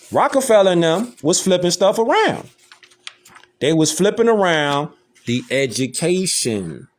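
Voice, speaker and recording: A man with a Chicago accent, talking casually and loosely in a slangy monologue and often repeating "you know what I'm saying.". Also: a little high. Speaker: social media talker.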